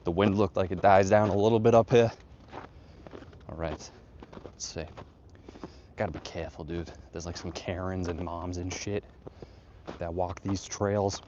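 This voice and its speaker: A man's voice: deep voice, fairly even intonation, measured pace, pauses often, highs cut off. A man hosting a casual livestream while hiking a snowy trail outdoors, bantering loosely and swearing as he reads chat aloud. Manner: loose, profane, joking banter with viewers. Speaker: livestream host reading chat. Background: wind.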